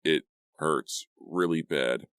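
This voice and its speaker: A man's voice: rumbling low, normal speed, no echo, studio quality. Man voicing a wounded teen boy, weak groans. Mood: in pain.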